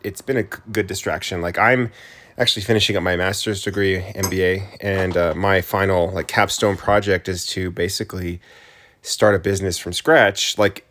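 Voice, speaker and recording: A low-voiced man from New Mexico, USA, rambles and corrects himself while sitting on a living room couch at home. He's a teacher and podcast co-host making casual chat. He speaks at normal speed with a steady, fairly bright tone.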